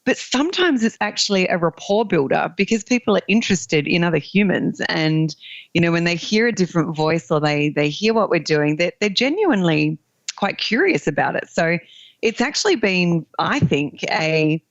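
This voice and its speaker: A friendly, outgoing Australian woman with a fairly low voice speaks as a podcast guest. Her audio is dull and slightly lo-fi in a dry space with no room sound. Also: lively intonation, moderate pace, no echo. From country Australia. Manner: friendly, outgoing, laughs often. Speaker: guest, land investor. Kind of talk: podcast interview.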